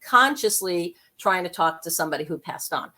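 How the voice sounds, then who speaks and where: A woman guest on an interview show, telling a story in a lively, chatty way with quick asides. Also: on the low side. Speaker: guest, intuitive life coach and medium.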